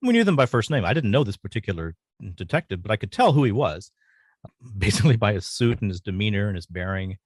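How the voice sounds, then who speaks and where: A man telling a personal story as a podcast guest, earnest and halting, pausing often. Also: on the low side, sing-song, slightly rough, no room sound, clean studio sound.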